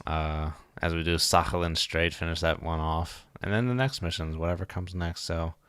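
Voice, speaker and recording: A man's voice: deep voice, steady tone, moderate pace, fairly bright tone, smooth, dry recording, clean studio sound. A man casually thinking aloud while streaming a game, muttering and joking at himself. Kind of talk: casual live gameplay commentary.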